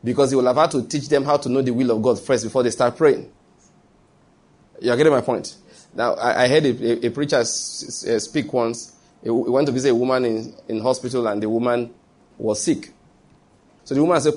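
A man's voice: mid-range voice, brisk, darkish tone, slightly rough. A male preacher delivers a sermon in a mid-range voice. He keeps asking if his listeners follow and restarts phrases as he thinks aloud. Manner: repeatedly checks the listeners follow, with many restarts.

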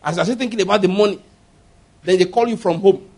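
A pastor preaches in a high-pitched, somewhat husky voice. He is emphatic, laughs often and acts out quick little exchanges as he talks. He presses his points with force. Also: darkish tone. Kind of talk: sermon.

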